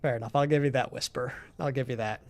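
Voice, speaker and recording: A man's voice: medium pitch, fairly even intonation, fast talker, darkish tone, soft background music. A young American man streaming a game, chatting with his viewers in a rambling, easygoing way and laughing often. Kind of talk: casual chat while playing a game.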